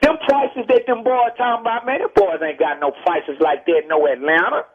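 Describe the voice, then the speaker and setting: A man from Texas with a Texas accent, a rapper lecturing forcefully over the phone in a heated interview, repeating his points. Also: sits high, fairly even intonation, a little fast, husky. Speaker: rapper guest. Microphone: telephone. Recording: muffled phone line.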